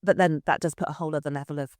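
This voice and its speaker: A woman director of culture being interviewed, talking in a lively way and often repeating words as she restarts her sentences. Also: sits low, quick pace, no echo, clean studio sound. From England. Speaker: city culture director, guest. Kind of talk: conversational interview.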